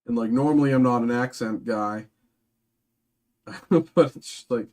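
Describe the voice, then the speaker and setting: A man's voice: mid-range voice, unhurried, long pauses, darkish tone. Rambling young man opening card packs. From Massachusetts, outside Boston. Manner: rambling, many fillers and restarts. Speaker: card break host. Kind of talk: casual live-stream chat while opening packs.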